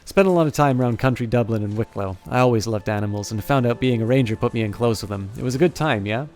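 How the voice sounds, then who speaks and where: A man's voice: mid-range voice, fast talker, darkish tone, lightly acted. A man voicing a brash, wry former ranger turned mercenary, blunt and folksy, in a near-everyday voice.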